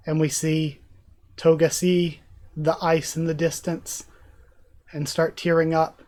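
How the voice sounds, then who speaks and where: A man giving a live reaction as a YouTuber, reading a manga aloud with animated, emotional commentary. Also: on the high side, takes it slowly, pauses often.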